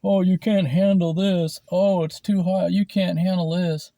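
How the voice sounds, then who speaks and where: A man's voice: sits high, level tone, measured pace, mellow, dry recording, voice pushed up, poor audio. A man mimicking a boastful guy who taunts others for not handling hot sauce. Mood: taunting. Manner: mocking, taunting.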